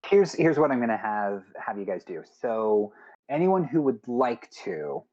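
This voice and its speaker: A man running a tabletop game as game master, slow and hesitant with many fillers. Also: medium pitch, sing-song, muffled recording.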